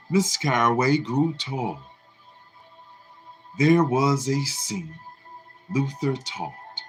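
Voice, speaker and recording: A man narrating a short story aloud in a live book reading, with deliberate, expressive delivery. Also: medium pitch, low-quality recording.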